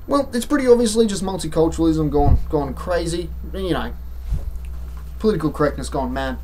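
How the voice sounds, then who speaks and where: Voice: mid-range voice, lively intonation, fairly quick, a little mellow, slight background noise. An Australian-accented vlogger delivering an exasperated, sarcastic opinion rant to camera, with mocking asides.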